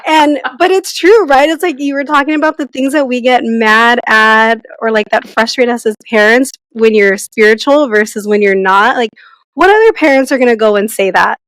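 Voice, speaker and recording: A woman's voice: a little high, moderate pace, a bit bright, no room sound, low-quality recording. A woman who co-hosts a podcast, chatting casually in a rambling way with lots of fillers. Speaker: podcast co-host.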